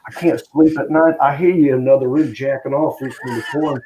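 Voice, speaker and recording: A man's voice: mid-range voice, fairly even intonation, quick pace, mellow, close to an everyday voice, poor audio. A man voicing his angry Texan roommate's cursing voicemail rant. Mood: furious. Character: furious Texan male roommate leaving a voicemail.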